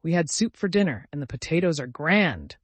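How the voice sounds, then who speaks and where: A man's voice: fairly high pitch, very animated, fairly quick, dry recording. A man voicing a small, kindly peasant soldier with a tender, caressing sing-song manner. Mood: cheerful.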